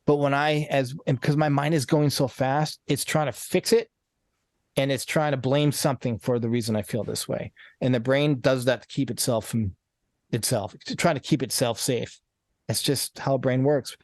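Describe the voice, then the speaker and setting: Guesting on a podcast as a coach, a man with a medium-pitched, slightly mellow voice speaks at a moderate pace with fairly even intonation. The interview is casual and conversational, and he comes across as earnest but rambling, with many restarts and repeated words. The recording is dry.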